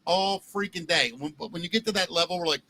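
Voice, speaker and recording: This middle-aged man hosts a casual podcast chat, talking fast in a high voice. His storytelling is animated, with acted-out quotes and plenty of swearing.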